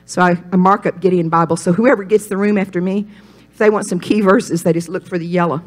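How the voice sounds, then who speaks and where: A woman preaching a sermon with dramatic dynamics. She builds to loud, ringing declarations and then drops to hushed whispers. She often calls on the congregation to repeat her words. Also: fairly low pitch, fairly even intonation, fast.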